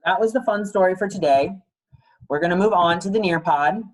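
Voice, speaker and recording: A man's voice: high voice, brisk, low-quality recording. A male teacher giving a casual, chatty read-aloud and lesson for young kids, talking to them directly.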